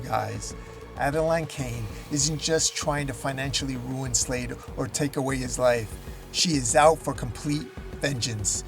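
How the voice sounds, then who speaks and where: A man's voice: medium pitch, creaky. Man narrating a dramatic comic recap. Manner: dramatic, emphatic storytelling. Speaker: comic book recap host.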